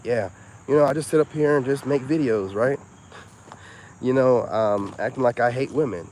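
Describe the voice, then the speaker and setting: A man's voice: mid-range voice, normal speed, darkish tone, slight background noise. A man in his forties, a live-stream host talking straight to his viewers in a casual monologue, self-assured and preachy. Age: 40s.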